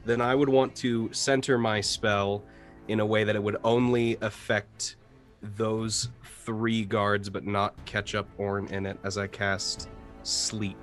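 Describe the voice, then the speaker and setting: Hesitant lower-voiced male player. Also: little pitch movement, slow, fairly bright tone, soft background music. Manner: hesitant, thinking aloud with fillers. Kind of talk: tabletop role-play.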